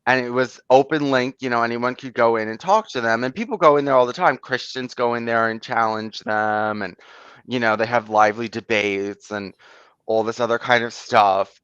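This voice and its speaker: Speaking at a moderate pace, a man hosting a casual conversation rambles through a story loaded with "like," "you know," and plenty of swearing. His medium-pitched voice is a bit bright and clean with no echo, but the lo-fi recording sounds dull and muffled.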